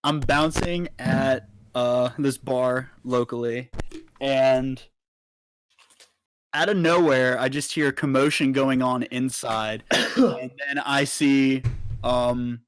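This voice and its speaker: Animated young man telling a story. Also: medium pitch, takes it slowly, clear, resonant tone. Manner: animated, swears freely. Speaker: podcast co-host. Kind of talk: casual storytelling.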